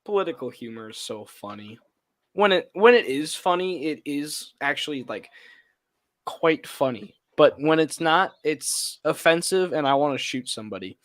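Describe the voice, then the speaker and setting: A man's voice: a little high, animated, moderate pace, a bit bright. A young man chatting casually while watching a movie with friends, rambling with many fillers and laughing often. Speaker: co-host of a movie watch-along. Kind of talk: casual chat.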